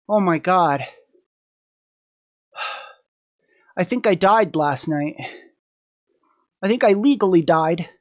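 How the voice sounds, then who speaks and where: A man's voice: high-pitched, expressive, takes it slowly, long pauses. A sick, weak man talking in a casual vlog from indoors, out of breath, sighing and swearing as he rambles. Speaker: streamer vlogging about being sick. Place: indoors at someone else's house.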